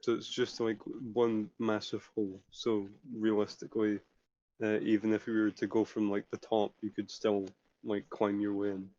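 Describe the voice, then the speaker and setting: A man's voice: fairly low pitch, completely flat delivery, moderate pace, warm tone, no room sound, highs cut off. A man playing a tabletop game, making tentative, thoughtful suggestions. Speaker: player. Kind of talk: casual chat at the table.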